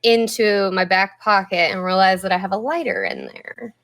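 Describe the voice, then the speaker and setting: A woman's voice: medium pitch, moderate pace, fairly bright tone. A woman describing her character's actions in a tabletop game, casual and matter-of-fact. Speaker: player.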